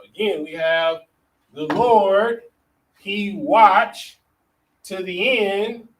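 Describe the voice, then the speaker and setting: A man's voice: high-pitched, a bit bright. A man teaching a religious class, reading verses and explaining words in a casual way, often checking in with "all right?" and "you know what I'm saying?". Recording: distant mic with faint noise.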